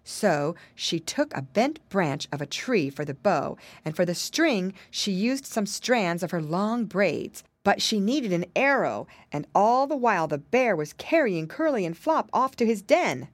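Animated woman reading a children's story. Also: mid-range voice, unhurried, few pauses, no echo. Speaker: audiobook narrator.

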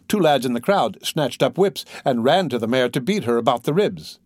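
In clean studio audio with no room sound, a man reads an audiobook in an expressive, storytelling style. His voice is mid-range, his speed normal, and he hardly pauses.

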